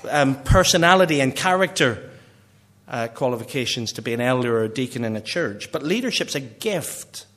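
Delivering a sermon with real earnestness, a Northern Irish pastor speaks in a slightly high male voice with the accent of his home region. Key words get weight as he slows sharply, and his phrases tend to trail off quietly.

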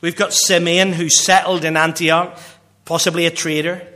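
A man's voice: fairly high pitch, little pitch movement. Earnest Northern Irish man preaching. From Northern Ireland. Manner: earnest, slows down for emphasis, drops quiet at phrase ends. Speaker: pastor. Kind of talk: sermon.

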